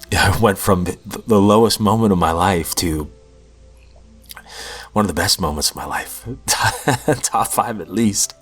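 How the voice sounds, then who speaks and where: A man's voice: deep voice, a little slow, a bit bright, slightly rough, soft background music. A man hosting a recovery podcast, telling his own story in an earnest, heartfelt, self-deprecating way. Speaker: podcast host. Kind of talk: personal recovery testimony.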